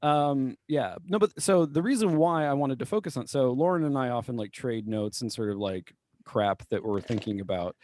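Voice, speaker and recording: A man co-hosting a podcast in casual chat, playful and quick to laugh. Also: mid-range voice, lively intonation, a little mellow, dry recording. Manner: playful, laughs often, reads aloud in a put-on radio voice. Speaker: podcast co-host.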